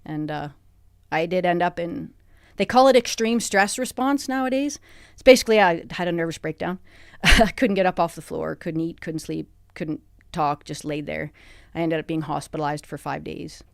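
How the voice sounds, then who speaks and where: Halting, emotional woman. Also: on the low side, creaky, no room sound, studio quality. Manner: halting, emotional, many restarts. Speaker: guest. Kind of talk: personal interview. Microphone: studio microphone.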